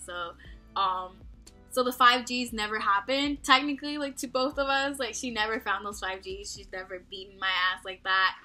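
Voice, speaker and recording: A young woman from Texas rambles through a story to her camera, stuffing "like" into every phrase and breaking into giggles. Her voice is bright and sharp. Faint music plays behind her in a small dorm room. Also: medium pitch. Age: young adult. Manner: rambling, constant "like", profane, giggly. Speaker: vlogger.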